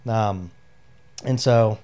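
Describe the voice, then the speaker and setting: A man's voice: lowish voice, drawn-out words, dark tone. A middle-aged man, an army veteran, telling his personal story in an interview, candid and emotional, with lots of "you know" fillers. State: near tears.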